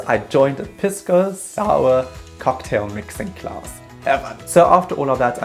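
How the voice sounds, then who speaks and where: A man telling a comedic travel story in a vlog, animated and self-mocking, slipping into quick put-on voices. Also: mid-range voice.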